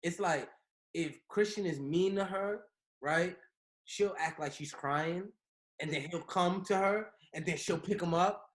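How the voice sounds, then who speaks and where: A man co-hosting a podcast, bantering in animated, slangy casual chat. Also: sits high, a little slow. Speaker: podcast co-host.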